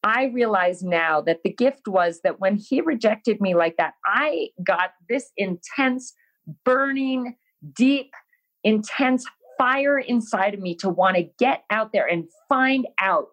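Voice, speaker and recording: She talks slowly in a mid-range voice on a rough recording, appearing as a guest in an interview. Her personal story is told with frankness and self-mockery, and she brings her own past lines to life with animation.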